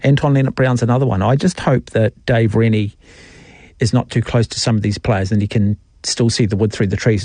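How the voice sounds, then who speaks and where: A man's voice: lowish voice, darkish tone, no echo. A male sports talkback radio host, teasing listeners and giving strong opinions in a jokey way. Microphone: studio mic.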